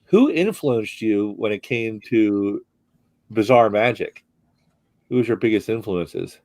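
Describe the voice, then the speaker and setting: A man's voice: lowish voice, lively intonation, takes it slowly, darkish tone, dry recording. Man host asking questions, dry sound. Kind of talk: casual interview chat.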